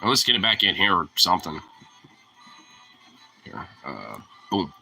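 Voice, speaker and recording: A man's voice: low voice, big pitch swings, a little slow, creaky, background noise. A man livestreaming in a casual, rambling way, swearing often and leaning on fillers, with a sniffly nose. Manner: rambling and profane, heavy on fillers. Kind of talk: casual stream chat.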